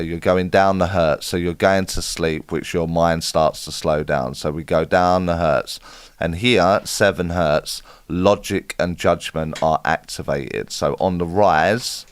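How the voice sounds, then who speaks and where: A man's voice: low voice, smooth, dry recording. A man, a spiritual medium, chatting casually as he answers viewer questions on a live stream. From United Kingdom. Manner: chatty, reads out viewer comments and answers off the cuff.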